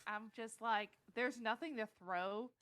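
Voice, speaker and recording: A woman's voice: fairly high pitch, unhurried, over loud music. A woman playing a tabletop game in casual chat, blunt and profane. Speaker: player.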